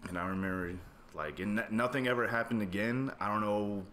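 Deep-voiced man rambling through a story. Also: brisk, bright, forceful tone, slight background noise. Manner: rambling storytelling with many likes. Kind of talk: casual chat.

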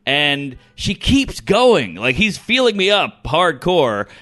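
A man's voice: on the high side, very animated, takes it slowly, fairly bright tone. A man in casual podcast chat, telling a comic story and acting out the people in it.

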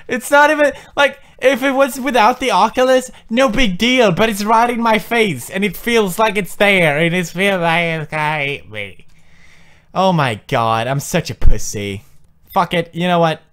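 A man's voice: high-pitched, normal speed, a bit bright. A man commenting on a horror game as he plays, nervous and joking, swearing as he goes. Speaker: gaming commentator. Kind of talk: let's play commentary.

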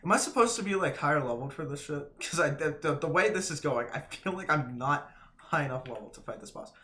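A man's voice: a little high, expressive, fast, pushed and bright. A man streaming a hard game live, swearing and laughing, his voice cracking. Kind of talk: live gameplay commentary.

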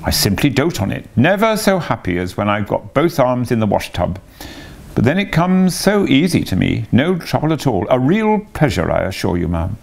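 A man voicing a boastful male toad disguised as a washerwoman, bragging in an airy falsetto. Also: sing-song, moderate pace, creaky.

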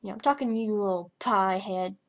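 A woman's voice: mid-range voice, brisk. A young woman vlogger talking over her gameplay in a hyper, rambling way, trailing off and stuttering as she goes. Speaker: gaming vlogger. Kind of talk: casual commentary over gameplay.

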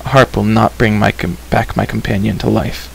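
A man's voice: lowish voice, flat delivery, normal speed, vocal fry, a little hiss or hum, low-quality recording. A man voicing a grieving young hero who speaks in a stern, bitter way, in a storybook reading.

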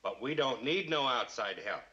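A stubborn country train engineer talks bluntly in a bright, lively voice. He comes through the muffled sound of a vintage sitcom. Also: medium pitch, moderate pace, slight background noise. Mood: gruff. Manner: rough, blunt country talk. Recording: dull old TV soundtrack.

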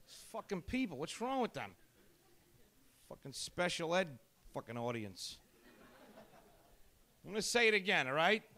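A man's voice: a little high, sing-song, unhurried, long pauses, pushed and bright. Abrasive, profane male stand-up comic. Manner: abrasive, profane, taunting the audience. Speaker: stand-up comedian. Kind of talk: stand-up set. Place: comedy club.

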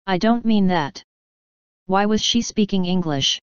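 A woman's voice: mid-range voice, unhurried, clear, resonant tone, dry recording, highs cut off, natural voice. A woman voicing a skeptical, probing young woman in a storybook reading.

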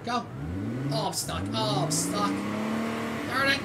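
A woman from Canada hosting a gaming channel, giving excitable let's-play commentary with squeals, shouts and laughter. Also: high voice, measured pace, pauses often. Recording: distant mic with loud game noise.

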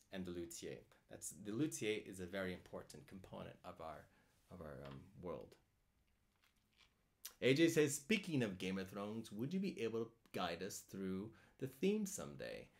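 Speaking in a voice that sits low, a man hosts a cello live stream from his home in France. He chats casually, reading and answering viewer comments and often repeating words as he thinks aloud.

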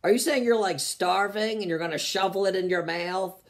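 A man's voice: high-pitched, moderate pace. A male comedian in a vlog, reading online comments aloud and mocking them sarcastically.

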